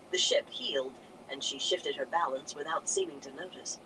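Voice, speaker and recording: A narrator reading a fantasy novel aloud in a steady storytelling manner. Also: medium pitch, normal speed, few pauses, noisy background. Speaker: audiobook narrator.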